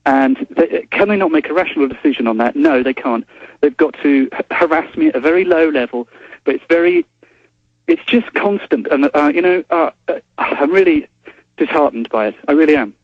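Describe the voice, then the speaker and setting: A man's voice: fairly high pitch, expressive, moderate pace, no room sound. An English man, a journalist calling in as a guest, speaking politely with many hesitant restarts. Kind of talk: phone-in interview. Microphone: telephone. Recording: dull phone line.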